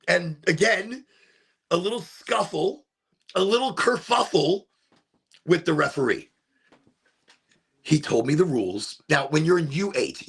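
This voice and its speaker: A man's voice: a little high, gravelly, fairly bright tone, husky. A man hosting a podcast, casually telling a rambling story with frequent laughs. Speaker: podcast host and youth soccer coach. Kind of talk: casual chat.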